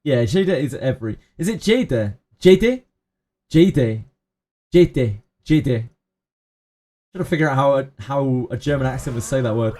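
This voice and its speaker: A man's voice: medium pitch, lively intonation, a little fast, hardly any pauses, darkish tone. A middle-aged man streaming a video game, joking crudely and repeating phrases as he muses to himself. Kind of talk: casual live-stream commentary.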